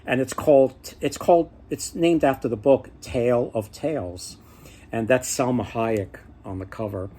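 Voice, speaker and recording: A man's voice: medium pitch, normal speed, dark tone, slight background noise. A man casually retelling folk tales, rambling and often restarting his sentences. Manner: rambling, many fillers and restarts. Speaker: storyteller.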